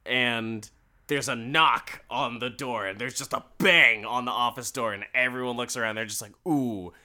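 A man casually recapping a show, animated and profane, breaking into quoted voices and laughing. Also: mid-range voice, normal speed.

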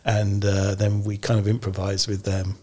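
A man's voice: lowish voice, completely flat delivery, moderate pace, mellow. A man who is the guest orchestrator in a casual interview, talking in a rambling, self-interrupting way with frequent laughs.

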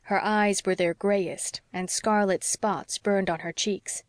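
Lady narrating an old novel, steady, dry studio sound. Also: mid-range voice, slow, dry recording. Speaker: audiobook narrator. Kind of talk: scripted narration.

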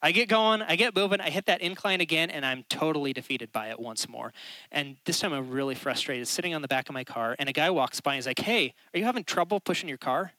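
Male pastor, conversational sermon delivery, a bit high and bright. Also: fast talker, no echo, rough recording. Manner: conversational storytelling, keeps checking in with the crowd. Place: church.

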